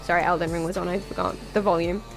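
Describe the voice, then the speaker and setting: A woman's voice: fairly low pitch, fairly even intonation, fast talker, over music. A young British woman streaming a game, chatting casually with viewers in a rambling, jokey, tangential way while sounding tired.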